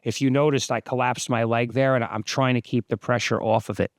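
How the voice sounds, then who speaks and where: A man in his fifties, host of his own channel, giving relaxed, explanatory voice-over commentary on sparring footage. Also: mid-range voice, brisk, dry recording, clean studio sound. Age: 50s.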